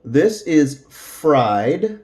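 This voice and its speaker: A middle-aged man teaching English slowly to Spanish speakers, repeating each word and adding Spanish glosses. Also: on the high side, sing-song, warm tone.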